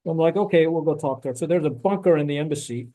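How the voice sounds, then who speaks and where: A middle-aged man in a relaxed podcast conversation, spinning a military yarn with lots of energy. His voice sits a bit high for a man, and he slips in quick impressions of the people in his story and swears casually as he goes. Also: low-quality recording. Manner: animated storyteller, acts out quotes, swears. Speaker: podcast host, former Marine officer.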